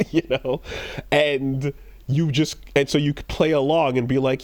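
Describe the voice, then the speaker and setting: Podcast co-host, male, lively storyteller who acts out the lines, dry close-mic sound. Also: medium pitch, a little slow, dry recording. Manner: animated storytelling, acts out quoted lines in raised voices. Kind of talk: casual chat.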